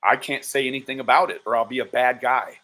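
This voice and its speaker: Swearing frequently and drawing out incredulous exclamations, this exasperated live-streamer comments fast in a sharp-toned voice pitched in a man's middle range.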